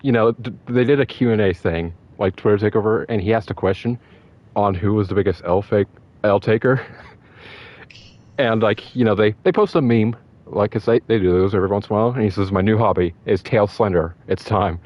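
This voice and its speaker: A man with a lowish voice chatting about games in a rambling, excitable way, tripping over his words and laughing often. The recording is dull and lo-fi, as if from a cheap mic. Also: fairly quick. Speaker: podcast co-host. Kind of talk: casual gaming chat.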